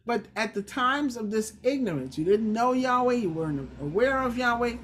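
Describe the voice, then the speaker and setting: Her pitch sits on the high side, her intonation is lively, and she talks at a normal speed with hardly a pause. As a Bible study teacher, this woman explains scripture in a casual, emphatic, chatty manner, tossing in playful asides and performing quotations.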